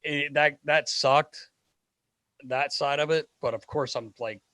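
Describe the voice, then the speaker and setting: A man, a hockey equipment manager, telling a lively story as a podcast guest. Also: on the high side, takes it slowly, dry recording. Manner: lively anecdotal storyteller acting out dialogue. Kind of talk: casual storytelling in a podcast interview.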